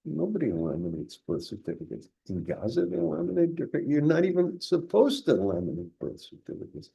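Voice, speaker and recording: A man's voice: on the high side, big pitch swings, brisk, gravelly, dark tone, breathy edge, highs cut off. An older man, a guest historian, talking emphatically in an interview with frequent restarts. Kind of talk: conversational interview.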